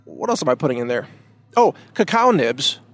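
A man's voice: mid-range voice, very animated, normal speed. A man hosting a podcast, talking in a casual monologue that rambles and restarts, with emphatic stresses. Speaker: podcast host.

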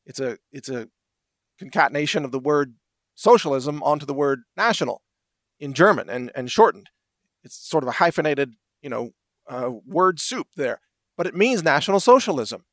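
A man's voice: fairly high pitch, lively intonation, normal speed, dry recording, clean studio sound. Heated, indignant podcast man. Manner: heated, indignant, sarcastic rhetorical questions. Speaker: podcast host. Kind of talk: solo political commentary podcast.

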